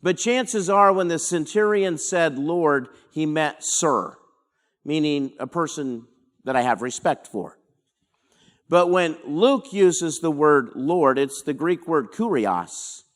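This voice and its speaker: With a fairly high, expressive voice, a pastor walks through a Bible study one verse at a time, explaining at an unhurried pace punctuated by dramatic pauses.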